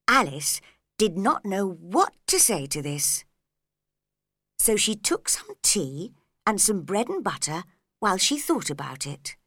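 A woman narrating a storybook in a slow, clear and expressive way. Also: medium pitch, dry recording, clean studio sound.

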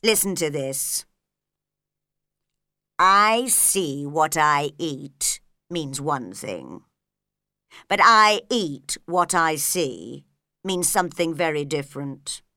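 A woman voicing an odd, blunt male Hatter in a storybook reading, speaking slowly and deliberately in a lowered voice. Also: lively intonation, sharp tone, dry recording, studio quality, full character voice.

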